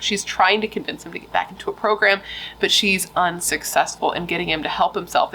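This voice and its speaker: A woman's voice: on the low side, vocal fry, fairly bright tone, a little hiss or hum, poor audio. A woman hosting a true crime channel, telling the story in a chatty, casual way with lots of "like" and "you know".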